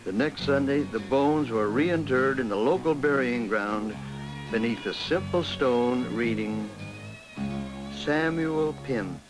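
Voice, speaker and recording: A man reading a ghost story aloud in a measured way, slowing down for suspense. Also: medium pitch, poor audio. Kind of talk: scripted ghost story narration. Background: instrumental music.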